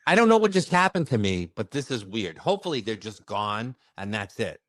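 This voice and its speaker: Animated man with a low voice, storytelling. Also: dry recording, studio quality. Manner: expressive, emphatic, with bursts of fast speech. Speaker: medium recounting his experiences.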